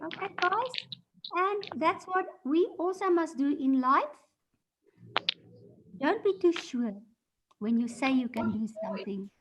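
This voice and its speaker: A woman teacher reading a story aloud to her class, animated, acting out the parts. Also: high-pitched, measured pace, pauses often, noisy background. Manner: animated storyteller, gasps and acts out voices.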